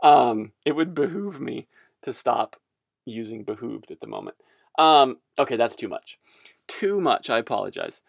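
Gravelly man rambling with amusement. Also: medium pitch, very animated, moderate pace, dry recording. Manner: rambling, self-amused, goes off on tangents. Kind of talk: casual religious commentary.

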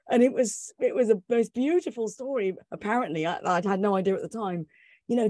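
A woman recounts a personal tale in a bubbly, animated way. She acts out the quotes as she goes, and her voice sits dry and close to the mic. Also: fairly high pitch, dry recording. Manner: lively storytelling with laughs and acted-out quotes. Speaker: former radio reporter telling a story.

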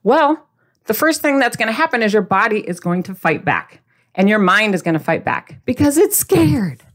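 Woman, video host, playful, chatty, casual motivational talk, speaks to the viewer, mid pitch. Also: sing-song, moderate pace. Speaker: host of a diet video series.

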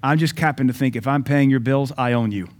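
A man delivers a sermon from the pulpit, his mid-pitched voice pressing each point hard. He swings between loud, insistent declarations and softer, drawn-out asides. It is plain church preaching, forceful and direct. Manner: emphatic preaching with sudden loud and soft swings. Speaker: pastor.

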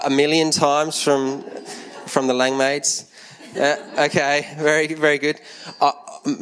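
Dad chatting to church kids. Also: male voice, on the high side. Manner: gentle, chatty, asks the children questions. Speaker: church leader speaking to a congregation. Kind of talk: children's talk in a church service.

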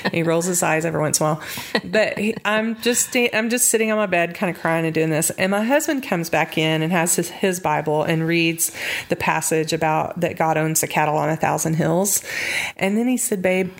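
Lively storytelling woman, low-pitched voice. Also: fairly quick. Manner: animated, acts out quotes with high pitch jumps, laughs often. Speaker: nonprofit founder, guest. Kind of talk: casual storytelling interview.

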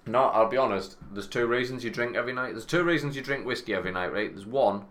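A man's voice: medium pitch, quick pace, fairly bright tone. A man co-hosting a podcast in casual chat, rambling and swearing as he tells stories. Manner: rambling, storytelling, swears freely. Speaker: podcast co-host.

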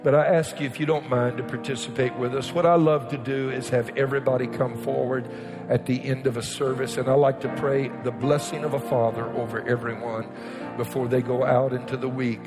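A pastor preaching a sermon to his congregation, often shouting out his lines and then dropping to a quieter teaching voice. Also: mid-range voice, flat delivery, fairly quick, music in the background. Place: church sanctuary with congregation. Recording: long reverb in a church hall.

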